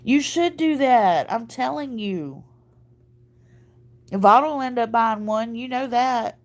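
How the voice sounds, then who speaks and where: A woman's voice: a little high, lively intonation, slow. A woman hosting a casual livestream chat, tired from crying and little sleep, laughing and stumbling over words. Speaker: livestream host.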